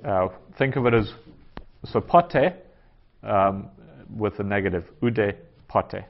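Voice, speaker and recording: Slow, low-voiced man teaching a class. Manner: halting, thinking aloud with many fillers. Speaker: Greek teacher. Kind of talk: classroom lesson, translating aloud. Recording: dull lo-fi classroom recording.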